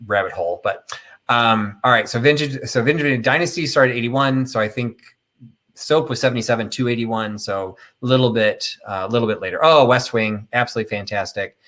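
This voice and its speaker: A man's voice: medium pitch, a little fast, fairly bright tone. A middle-aged man hosting a casual live chat, telling a rambling, opinionated story full of fillers and tangents. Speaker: host of a live chat stream.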